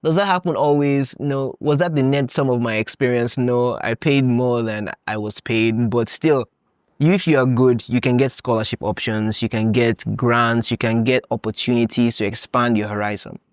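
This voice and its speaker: A young man from Nigeria hosting a podcast, telling stories in a casual, animated way, laughing often and acting out his own past thoughts. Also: mid-range voice, moderate pace, clear, resonant tone, dry recording, clean studio sound. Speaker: podcast host. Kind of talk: casual storytelling monologue.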